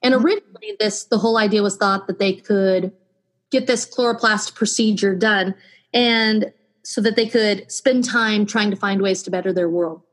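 A woman's voice: mid-range voice, moderate pace. A woman author talking about her novel trilogy in an interview, explaining thoughtfully with frequent restarts. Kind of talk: podcast interview and book reading.

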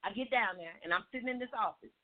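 A woman life coach telling an animated faith testimony in a folksy, preachy way, repeating words for emphasis. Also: medium pitch, quick pace. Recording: tinny phone-like sound, faint music.

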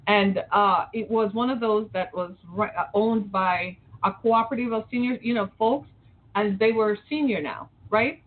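A woman's voice: mid-range voice, moderate pace, slight background noise. A middle-aged woman host from the Detroit area, giving an impassioned opinion monologue full of rhetorical questions. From Metro Detroit, Michigan. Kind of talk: opinion talk show monologue. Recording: tinny phone-like audio.

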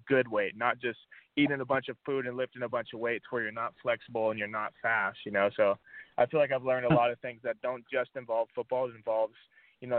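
A young man, a college football player, answering interview questions in a relaxed way with lots of filler words. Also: mid-range voice, dry recording. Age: young adult. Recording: dry phone-line audio.

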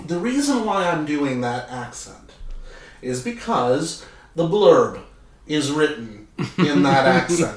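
A man hosting a podcast in casual chat, self-deprecating and quick to laugh. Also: fairly high pitch, animated, music in the background. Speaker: podcast host.

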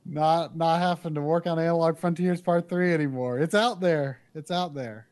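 Chatty man with a higher voice. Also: normal speed, a little mellow. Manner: hesitant, repeats words when starting. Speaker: co-host of a retro gaming stream. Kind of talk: casual chat.

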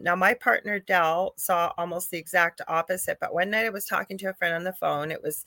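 A middle-aged woman co-hosting a live chat, telling a ghost story in an animated way. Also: fairly low pitch, vocal fry, dry recording. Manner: animated storyteller, acts out quoted voices. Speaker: co-host, psychic medium.

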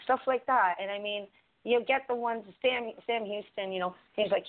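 A woman's voice: on the high side, fairly even intonation, normal speed. A woman co-hosting a podcast, talking in a blunt, profane, rambling way. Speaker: podcast co-host. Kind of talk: casual podcast chat. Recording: tinny phone-line call-in audio.

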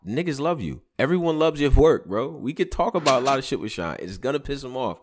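A man hosting a casual battle rap discussion, talking in an emphatic, animated way and swearing freely. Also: mid-range voice, quick pace, hardly any pauses. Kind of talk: casual chat.

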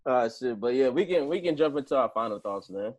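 A man's voice: medium pitch, animated, a little fast, darkish tone. A man hosting a casual podcast chat, prodding the others and moving the talk along. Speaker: podcast host.

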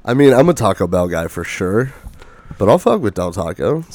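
A man's voice: fairly low pitch, big pitch swings, normal speed, a little mellow. A man co-hosting a casual podcast, laid-back and agreeable, joking along easily.

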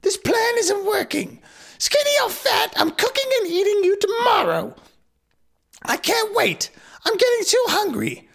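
A man voicing a cruel, hungry old witch in a shrill, screechy voice while reading a fairy tale aloud. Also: big pitch swings, unhurried, gravelly, a bit bright, heavily acted. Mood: gloating, shrill. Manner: taunting and cackling.

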